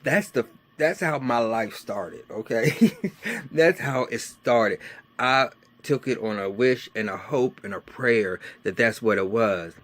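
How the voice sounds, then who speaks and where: A man telling a personal life story in a casual, animated way. He is heavily profane and swings from hushed asides to loud outbursts. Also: mid-range voice, takes it slowly.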